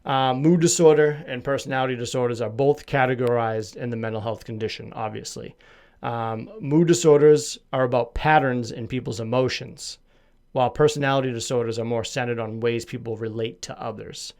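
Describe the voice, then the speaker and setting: A man's voice: medium pitch, steady tone, a little fast, a little mellow. A man from Massachusetts hosting a solo podcast, chatting casually in a rambling, self-deprecating, jokey way with a slight lisp. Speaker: podcast host.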